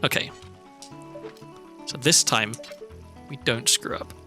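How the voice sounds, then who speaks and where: A Welsh man gives relaxed, rambling commentary while he plays a game on stream, drifting into personal asides. His voice is bright and forceful, at an ordinary middle pitch. Soft music plays faintly behind him. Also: slow pace. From Wales. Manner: chatty, rambling and thoughtful, often trailing into asides. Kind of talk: casual gameplay commentary. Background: faint background music.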